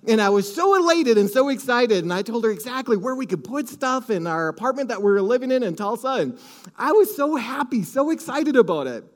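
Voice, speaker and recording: High-pitched guy preaching, storytelling big, goes quiet then bursts out loud, keeps asking the crowd for an amen. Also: brisk. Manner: animated storytelling, swings from soft asides to loud exclamations. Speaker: pastor. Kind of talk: sermon with audience call-and-response.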